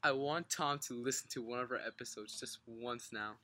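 This podcast co-host has a mid-range voice and talks at a normal speed. Trading jokes and plenty of swearing, he sounds excitable and laughs a lot, his articulation thick and mumbled with words blurring into each other.

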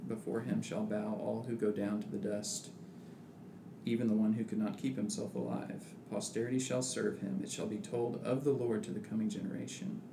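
A man's voice: fairly low pitch, level tone, normal speed, creaky. A man in casual religious discussion who talks thoughtfully with many restarts and reads scripture aloud. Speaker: podcast co-host. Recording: echoey room with background noise.

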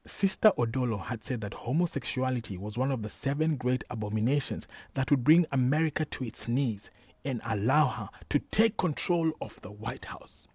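A man reading a novel aloud as a narrator, measured and unhurried, sometimes dropping to a whisper. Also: medium pitch, darkish tone, husky, no echo. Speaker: audiobook narrator. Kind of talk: scripted narration.

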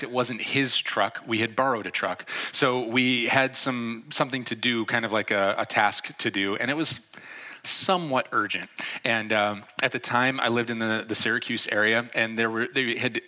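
Man preaching, bright voice, chatty storytelling, acts out quotes, church audience. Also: mid-range voice, steady tone, moderate pace. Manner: conversational storytelling with laughs and acted-out quotes. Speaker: pastor. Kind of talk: sermon. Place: church before a live audience.

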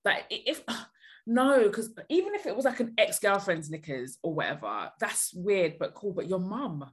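A woman's voice: mid-range voice, sing-song, moderate pace, breathy edge. A woman hosting a podcast, giving blunt, emphatic advice in casual chat.

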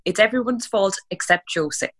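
Wry woman from Ireland, bright tone. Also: mid-range voice, animated, moderate pace. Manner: wry, sarcastic. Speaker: panelist.

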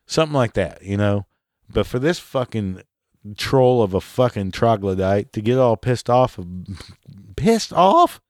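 A man's voice: on the low side, normal speed, a little mellow, no room sound, studio quality. A man hosting a solo podcast, ranting sarcastically and swearing often. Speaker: podcast host.

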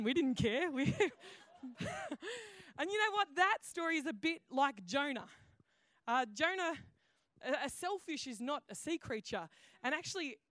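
A woman pastor tells a story from the pulpit in a loose, chatty way, stopping and restarting her sentences. Her voice sits high, and the sound is dry and close. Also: fairly bright tone, no echo. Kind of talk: sermon. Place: church auditorium.

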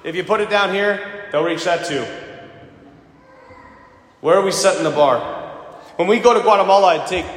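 A priest giving an emphatic sermon, telling stories and asking rhetorical questions in a church. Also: male voice, high voice, normal speed, long pauses. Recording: echoey church with long reverb.

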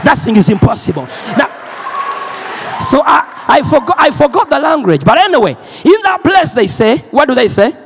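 A male preacher from Uganda giving a loud, energetic sermon, repeating phrases and drawing call and response from the congregation. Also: very high voice, normal speed, creaky.

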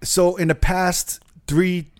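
A man's voice: sits high, slow pace. Laid-back man telling a story. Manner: relaxed, profane, storytelling with lots of "like". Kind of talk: casual chat.

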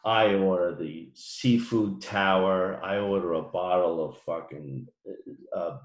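A man telling a story in casual chat, animated and profane. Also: low voice, takes it slowly. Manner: animated, profane, mimics people in his stories. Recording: echoey room.

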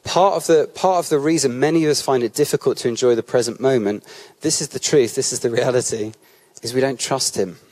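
A man with a British accent preaching in an easygoing, conversational way, weaving personal anecdotes into his teaching. He often breaks off and restarts his sentences as he tells a story. His voice sits at an ordinary, mid-range pitch. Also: fast talker, a little mellow. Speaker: church speaker.

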